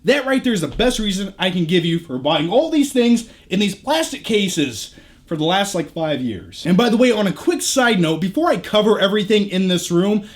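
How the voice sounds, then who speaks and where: A man with a fairly high voice that swings widely up and down as he talks. He chats his way through a tour of his home theater room, tossing in jokes and casual swearing. He sounds close and clear on a camera shotgun mic. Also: sing-song, moderate pace. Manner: chatty, joking asides, casual swearing.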